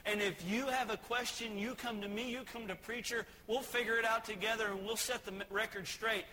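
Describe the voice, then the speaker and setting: A male pastor preaching in a church with a long reverb trailing each phrase and a faint hiss behind. His voice sits high and bright, and he mixes plain teaching with homespun, joking stories. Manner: folksy, joking storytelling between points. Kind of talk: sermon. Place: church sanctuary.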